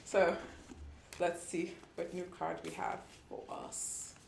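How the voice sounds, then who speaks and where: A woman's voice: lowish voice, little pitch movement, extremely slow, gravelly, darkish tone, roomy sound, a little hiss or hum. A woman doing a casual tarot reading for viewers, upbeat and affirming as she reads card meanings aloud. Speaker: tarot reader.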